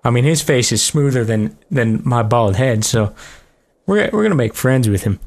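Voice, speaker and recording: Young male let's-play host, middle pitch, brash, profane, excitable. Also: moderate pace. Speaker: gaming channel host. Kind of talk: casual let's play commentary.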